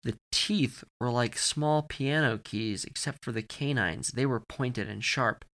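Guy reading horror out loud, slow and deadpan. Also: mid-range voice. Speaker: narrator and player. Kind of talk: dramatic horror narration.

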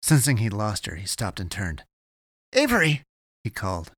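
A man giving steady, measured scripted narration of an audiobook. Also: lowish voice, dry recording, studio quality.

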